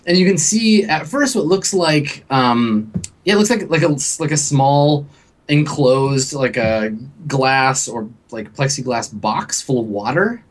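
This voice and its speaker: A man narrating as game master, halting often with fillers and restarts. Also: medium pitch, animated. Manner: hesitant, many fillers and restarts.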